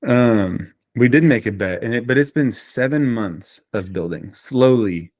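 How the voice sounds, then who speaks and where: A man in a casual podcast conversation, a guest telling animated stories with frequent fillers. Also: mid-range voice, a little slow, no room sound, studio quality.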